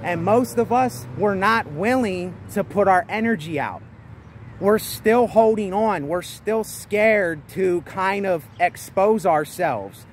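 A man with a fairly high voice giving a motivational vlog talk outside. He talks emphatically and repeats his points, pushing his voice up to carry over faint traffic passing nearby. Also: slow. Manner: emphatic and repetitive, speaking loudly over outdoor noise. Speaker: vlogger. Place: outdoors near traffic.

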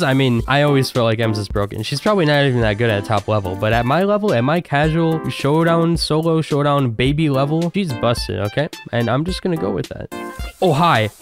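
A young man giving casual, excitable gameplay commentary as a gaming YouTuber, trash-talking his opponents. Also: on the high side. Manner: excitable, trash-talks opponents, quick bursts of laughter.

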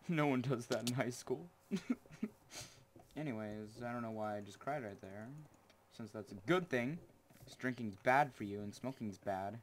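A teenage boy hosting his own gaming channel, rambling through gameplay commentary with jokes and sudden excited yelps. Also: mid-range voice, unhurried, pauses often, slight background noise. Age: teens.

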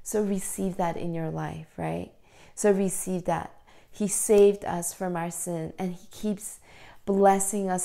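A woman leading a children's church lesson, retelling a parable with animated quoted voices, then speaking casually and encouragingly with many fillers. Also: creaky. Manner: animated storytelling, acting out quotes with lively pitch jumps. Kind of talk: children's sermon.

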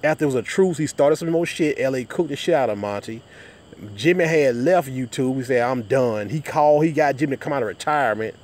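A man's voice: medium pitch, fast, a little mellow. A man ranting casually to his viewers, profane and rambling, often stammering and restarting his sentences. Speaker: vlogger.

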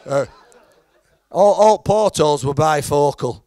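A middle-aged stand-up comedian from Halifax, England, with a Yorkshire accent, delivers a chatty, self-deprecating routine and teases the crowd. His fairly high voice is animated, slow and warm, with no room sound.

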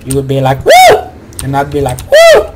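A man giving goofy casual commentary over his gameplay, breaking into excited whoops and yells. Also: mid-range voice, rapid-fire. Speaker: gamer making commentary videos. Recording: keyboard clicks and typing noise.

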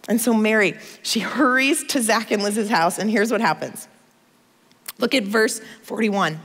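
A woman in her thirties from the United States, preaching a sermon in a conversational, expressive storytelling manner. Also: on the high side, normal speed, long reverb tail.

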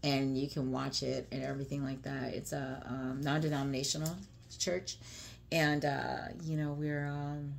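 A woman's voice: extremely low pitch, level tone, normal speed, gravelly, a little hiss or hum. A woman giving a casual, earnest devotional talk, chatty and full of fillers and rhetorical questions. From United States. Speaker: faith vlogger.

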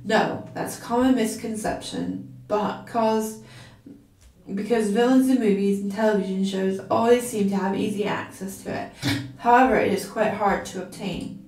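A woman's voice: mid-range voice, steady tone, normal speed, a little mellow, natural voice. A woman reading aloud, voicing a nerdy young man who explains things in a precise, lecturing way. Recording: roomy, from a distance.

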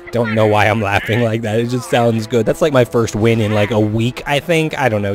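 A young man commentating his own shooter gameplay as he plays, swinging between low muttering and excited whoops. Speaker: gaming video host.

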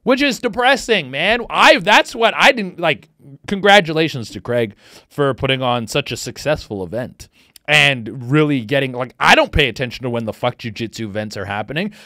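A young man hosting his own comedy podcast, riffing casually with excited outbursts and plenty of swearing. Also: fairly high pitch, no echo, clean studio sound. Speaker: podcast host.

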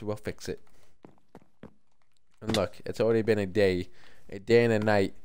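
A tired man chatting casually to his viewers while streaming a game, rambling and thinking out loud. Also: on the low side, moderate pace, smooth. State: tired, yawning. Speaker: livestreamer. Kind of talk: casual gameplay commentary.

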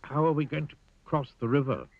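A polite, curious little schoolboy, as a male narrator puts him on, high-pitched and eager, and quick to take fright. The husky voice is lifted well above the narrator's own to sound young in this storybook tale. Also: phone-quality sound. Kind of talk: storybook character voice.

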